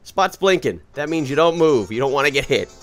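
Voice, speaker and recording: A man giving casual, rambling commentary over a video game he is playing, often correcting himself and breaking into excited outbursts. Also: a little high, brisk. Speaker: let's play host. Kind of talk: gameplay commentary. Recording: faint game music behind.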